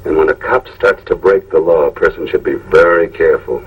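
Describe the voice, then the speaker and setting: An actor playing a determined cop who speaks slowly and threateningly in an old film. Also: male voice, a bass voice. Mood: grim. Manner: slow and threatening. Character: grim, determined middle-aged cop. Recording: old film sound, distant mic, faint noise.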